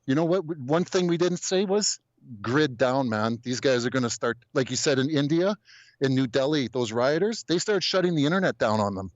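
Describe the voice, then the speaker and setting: A man's voice: medium pitch, expressive, normal speed, no echo, highs cut off. A man calling in to a casual talk show, blunt and exasperated, often stammering as he restarts his sentences. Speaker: caller. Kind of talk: casual call-in chat.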